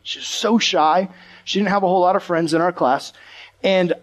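Male preacher, high-pitched, animated sermon storyteller who acts out the voices. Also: moderate pace. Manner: animated, acts out the voices of the people in his stories. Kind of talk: storytelling sermon to a live audience.

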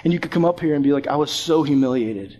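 Young male youth pastor, lively storytelling sermon voice, a touch higher-pitched. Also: fast talker. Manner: animated, acts out voices from his story.

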